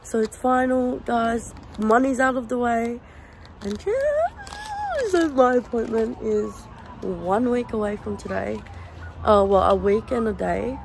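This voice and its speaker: A woman's voice: fairly high pitch, fairly even intonation, unhurried, creaky, background noise. A young woman talking casually to her camera in a vlog, chatty and swearing freely. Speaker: vlogger. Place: car in the city.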